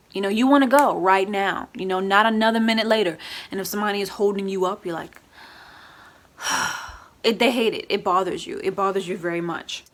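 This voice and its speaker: A woman casually explaining astrology in a vlog, chatty, often adding "you know" and "right?", and acting out quoted moods in lively voices. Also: mid-range voice. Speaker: astrology YouTuber.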